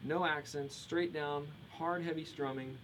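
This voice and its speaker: A man's voice: fairly high pitch, steady tone, a little slow, rough recording. A man teaching guitar in a casual live-streamed lesson, explaining a strumming pattern and counting beats aloud. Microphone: streaming mic through a compressor. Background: his own strummed acoustic guitar.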